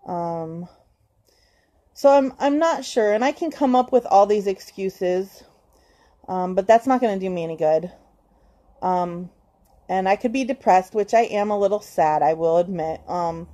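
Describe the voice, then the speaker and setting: A woman speaks straight to her viewers in a confessional vlog, her voice at an ordinary middle pitch. She is hesitant, stopping and restarting often with ums. She stays earnest as she talks herself into staying positive. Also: dark tone. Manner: self-encouraging, earnest. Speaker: vlogger.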